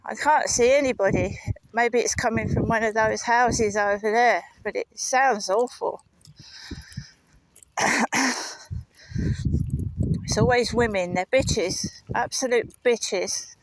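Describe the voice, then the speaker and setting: A woman vlogger walks her dog outside, rambling and muttering asides with some swearing into a handheld camera for casual walking commentary. Her fairly high voice moves slowly with long pauses, and the recording quality is low.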